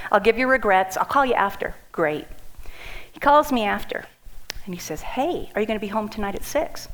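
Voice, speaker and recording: A woman's voice: mid-range voice, poor audio. A middle-aged woman giving a heartfelt speech about her own story to an audience, acting out what friends said to her. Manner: emotional, heartfelt, animated quoting of others. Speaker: speaker at a community event.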